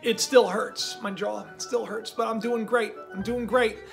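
High-pitched guy hosting his channel, rambly and worked up about conspiracy stuff, faint music behind. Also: steady tone, a little slow, creaky. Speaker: channel host. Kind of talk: casual conspiracy commentary.

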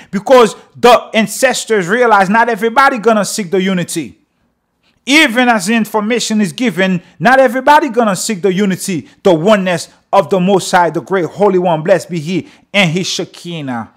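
A man's voice: sits high, brisk. A man teaching a religious lesson, reading prayer lines aloud and then explaining them with emphasis. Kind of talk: sermon with read-aloud prayer.

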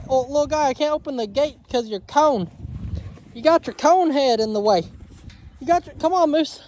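A man's voice: very high voice, lively intonation, normal speed, a little mellow. A man filming at his homestead, talking to his dogs in a playful, coaxing baby-talk voice. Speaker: homestead vlogger. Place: outdoors at a homestead dog pen.

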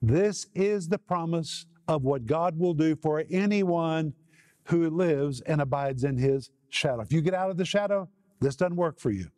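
A man's voice: a little high, unhurried, a little mellow, dry recording, studio quality. A man delivering a televised Bible teaching, stressing key words by repeating them. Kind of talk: televised sermon.

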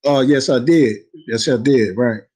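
A man's voice: medium pitch, measured pace, darkish tone, slightly rough, poor audio. A young man telling a story in a casual interview, slangy and rambling, laughing easily. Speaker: guest telling his story.

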